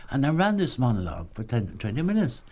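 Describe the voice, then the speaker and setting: A man's voice: medium pitch, huge pitch swings, fast, highs cut off, a little hiss or hum. An older man, a former actor, telling a funny anecdote about his early stage days, often adding "you see" and chuckling. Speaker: retired actor recalling touring days. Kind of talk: anecdotal storytelling.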